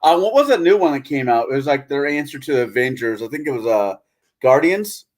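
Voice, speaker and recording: A man's voice: medium pitch, animated, brisk. Chatty guy co-hosting, laughs through his stories, medium voice. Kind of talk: casual chat.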